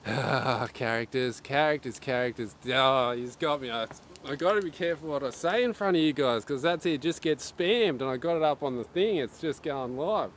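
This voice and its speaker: A man's voice: medium pitch, moderate pace, a bit bright. A man hosting a casual archery live stream outdoors, chatting, joking and reading viewer messages aloud. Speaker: archery livestream host. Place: outdoors at an archery range in wind. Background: wind noise.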